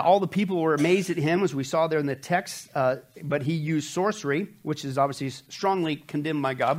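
A man teaching a Bible study in a conversational sermon style, emphatic and often asking his listeners rhetorical questions. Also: a little high.

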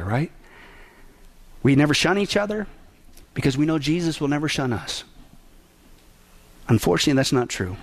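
A man preaching a sermon as pastor, emphatic, asking the congregation rhetorical questions. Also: medium pitch.

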